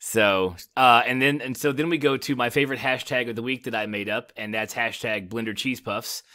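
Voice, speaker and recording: American dude on a recap podcast, bright voice, gets loud and laughy when he quotes stuff. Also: mid-range voice, fairly quick. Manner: animated, laughing, quotes characters in raised voices. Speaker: podcast co-host. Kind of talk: casual chat, episode recap.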